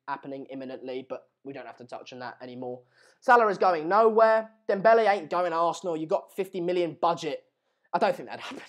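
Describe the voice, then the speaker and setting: A woman hosting a casual live football transfer stream, talking in excitable, rambling banter full of asides. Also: mid-range voice. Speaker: host of a live transfer news show.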